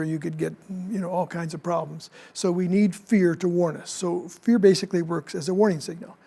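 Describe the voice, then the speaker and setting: Gravelly high-voiced man in his seventies. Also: steady tone, moderate pace, hardly any pauses, warm tone. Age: 70s. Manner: explanatory, with restarts. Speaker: psychologist guest. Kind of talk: studio interview. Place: TV news studio.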